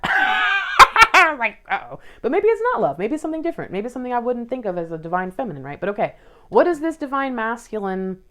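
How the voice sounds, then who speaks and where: A woman's voice: fairly high pitch, a bit bright. A woman giving a casual, emotional tarot reading and talking straight to her viewers. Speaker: tarot reader.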